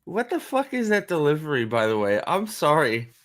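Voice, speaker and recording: A man's voice: on the high side, sing-song, moderate pace. A man hosting a casual reaction commentary, rambling, profane and sarcastic, with frequent restarts. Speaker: host.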